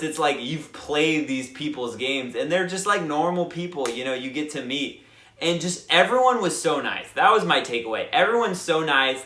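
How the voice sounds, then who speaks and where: A young man hosting a board game channel, telling a lively casual recap full of fillers and acted-out quotes. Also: on the high side. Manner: animated, lots of fillers, acts out quotes. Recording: echoey room.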